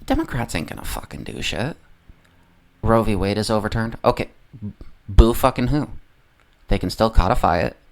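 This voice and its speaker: A man's voice: lowish voice, animated, normal speed, vocal fry, pauses often, a little mellow. A man ranting about politics on a livestream, swearing constantly, rambling and often losing his train of thought. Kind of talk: profane political rant on a livestream.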